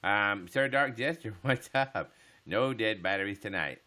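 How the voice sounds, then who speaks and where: A man hosting a casual late-night livestream, joking crudely with viewers and laughing often, sometimes dropping to a hush. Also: fairly low pitch, expressive, measured pace. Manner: drops to a hush so as not to wake his household. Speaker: livestream host.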